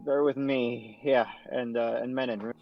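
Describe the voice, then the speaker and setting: A man playing a tabletop game, calm and reasoning with the others. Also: medium pitch, unhurried. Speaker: player. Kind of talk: casual tabletop play. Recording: dull lo-fi mic.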